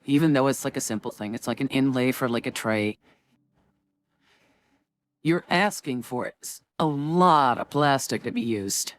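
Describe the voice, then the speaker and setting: A woman's voice: extremely low pitch, normal speed, faint music behind. A woman streamer chatting casually with her viewers before a tabletop game, rambling and full of filler words.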